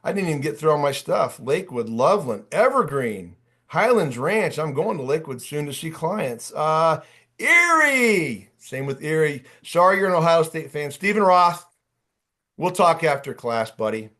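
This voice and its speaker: A man's voice: a little high, moderate pace. Fired-up man in his fifties coaching. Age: 50s. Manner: animated, chatty, fired up, addresses attendees by name. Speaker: workshop coach. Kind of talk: energetic online workshop talk.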